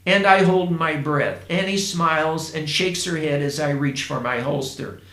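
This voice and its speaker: A man from Indiana telling a first-person story in a plain, unhurried way, with asides to his listeners. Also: on the high side, fairly bright tone. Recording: roomy echo.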